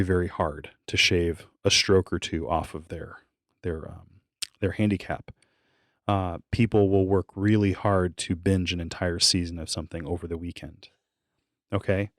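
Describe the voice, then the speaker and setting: Deep-voiced earnest man teaching. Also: no room sound, studio quality. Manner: earnest, teacherly, building to exhortation. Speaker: podcast co-host giving a devotional. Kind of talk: casual devotional talk.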